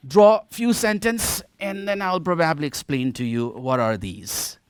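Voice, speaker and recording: A man's voice: fairly high pitch, unhurried, clean tone, no room sound. A man with a Nepali accent teaching English grammar in a televised distance-learning lesson, explaining patiently and often checking in with "okay". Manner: explanatory, repeats "okay" often, demonstrates rising and falling tones. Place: TV studio.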